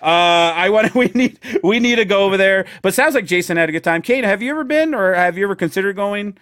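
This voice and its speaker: A man's voice: high-pitched, lively intonation, fast, a bit bright, clear, resonant tone. A man co-hosting a casual podcast chat, joking and rambling, laughing often. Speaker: podcast co-host.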